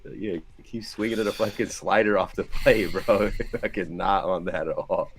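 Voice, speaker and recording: A man's voice: deep voice, steady tone, moderate pace, slight background noise. A man co-hosting a casual sports podcast, telling loose, laughing stories full of mimicked quotes and swearing. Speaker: podcast co-host. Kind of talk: casual chat.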